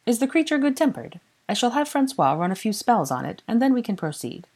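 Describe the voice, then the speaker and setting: Sly, prying French aristocrat with a lively, swooping delivery, put on by a woman audiobook reader. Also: a little high, a little fast, slightly rough, voice pushed up, heavily acted. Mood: suave, inquisitive. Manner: polite and probing. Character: sly, courteous older French marquis, curious and prying.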